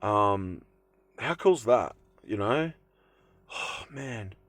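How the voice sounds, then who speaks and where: A man's voice: lowish voice, expressive, very slow, fairly bright tone, no room sound. A young man chatting casually to camera from his van, rambling with lots of fillers and restarts. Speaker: vlogger. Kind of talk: casual vlog talk to camera. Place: inside his camper van.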